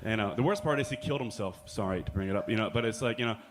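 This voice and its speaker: A man performing a stand-up set with dark, chatty, confiding humor. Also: on the low side, rapid-fire. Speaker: stand-up comedian. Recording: noisy with clicks.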